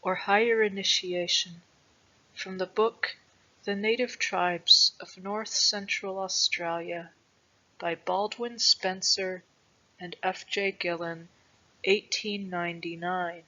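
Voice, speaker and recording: A woman narrating a historical text in a measured, deliberate reading voice. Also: on the low side, dull audio. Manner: slow, deliberate, even delivery.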